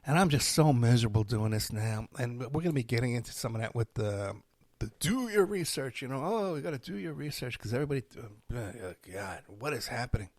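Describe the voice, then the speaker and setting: A middle-aged man, hosting a podcast and telling stories in a rambling, animated monologue. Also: medium pitch, a little fast, no room sound. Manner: rambling, animated storytelling with laughs and asides. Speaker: podcast host.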